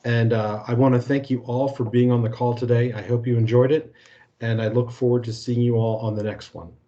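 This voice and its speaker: A man moderating a corporate training webinar over a video call, easygoing and halting, with many fillers. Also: medium pitch, flat delivery, dark tone. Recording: muffled video-call audio.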